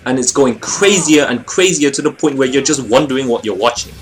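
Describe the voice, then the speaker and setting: A young man giving a casual, rambling video review of a friend's short film, expressive and full of fillers. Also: mid-range voice, a little fast, few pauses, a little hiss or hum.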